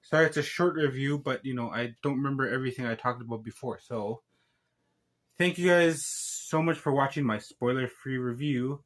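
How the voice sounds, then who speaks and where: A man's voice: medium pitch, moderate pace. Rambling casual man reviewing a film. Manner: meandering, self-interrupting, joking asides. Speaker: channel host reviewing a film.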